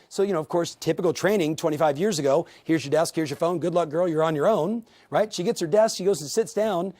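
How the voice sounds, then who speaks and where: A man with a somewhat high voice leads a real estate sales lesson. He tells stories and acts out the people in them, addressing the viewers directly as he coaches them. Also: dark tone. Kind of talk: motivational training talk.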